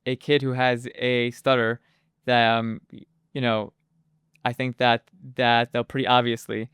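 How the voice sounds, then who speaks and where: Hesitant man, very clear and dry. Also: mid-range voice, little pitch movement, a little slow, fairly bright tone, no echo. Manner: hesitant, with many fillers and restarts. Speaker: guest. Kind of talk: casual interview talk. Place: moved to Israel as an adult.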